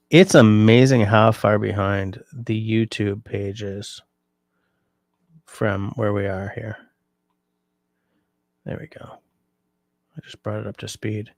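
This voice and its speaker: Sleepy man with a gravelly low voice. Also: slow pace, pauses often, no echo, clean studio sound. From Canada. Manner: relaxed, rambling with restarts. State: sleepy, yawning. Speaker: livestream host. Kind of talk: casual livestream chat reading comments.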